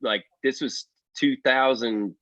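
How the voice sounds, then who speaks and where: A man in a casual chat telling animated, slangy road stories. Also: medium pitch, takes it slowly, dry recording. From United States. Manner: animated storyteller, slangy and laughing. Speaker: band member co-hosting a chat.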